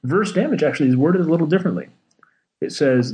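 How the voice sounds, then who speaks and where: A man co-hosting a casual podcast, dry in tone and quick when reading card text. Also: fairly high pitch, sing-song, dark tone. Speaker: podcast co-host.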